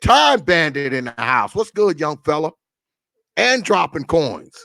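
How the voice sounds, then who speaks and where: A man's voice: fairly high pitch, sing-song, moderate pace, fairly bright tone, no room sound. A man hosting a casual livestream, greeting viewers by name with a profane, laughing, loose manner. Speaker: livestream host.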